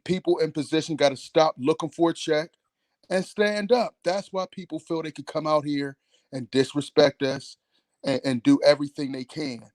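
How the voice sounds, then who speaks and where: A man's voice: a little high, a little mellow, no echo. Heated profane male caller. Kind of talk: call-in radio rant.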